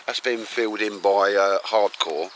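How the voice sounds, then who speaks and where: A man talks to the camera outdoors in woodland. His voice sits a little low but comes across bright and forceful. He rambles, jokes and laughs often, with faint outdoor ambience behind him. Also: unhurried, slight background noise, poor audio. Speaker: vlogger. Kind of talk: casual walk-and-talk vlog.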